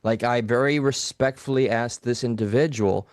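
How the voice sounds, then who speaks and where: Male co-host, mid pitch, crisp dry studio sound, profane and blunt storyteller. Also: normal speed, no room sound. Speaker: podcast co-host. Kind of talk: casual live talk show storytelling.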